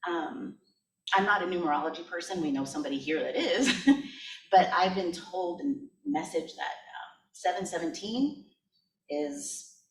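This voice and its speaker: A woman sharing a tearful, shaky testimony at a church service, halting and laughing nervously. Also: lowish voice. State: crying. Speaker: congregant sharing. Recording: roomy hall, mic at a distance.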